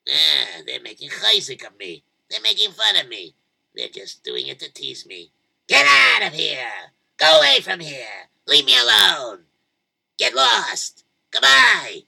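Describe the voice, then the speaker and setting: A man playing a lonely old man in a told story, cranky and bitter, his voice dropping to a gravelly low mutter before bursting into shouts. The tone is bright and hard-edged, with gruff, bellowing delivery. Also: wildly swooping pitch, moderate pace, exaggerated voice. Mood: angry.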